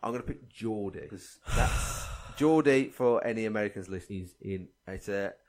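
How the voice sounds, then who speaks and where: A man's voice: lowish voice, moderate pace, darkish tone. An English man co-hosting a podcast, teasing his co-host and steering the chat. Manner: teasing, bossy, runs the game. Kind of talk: casual chat.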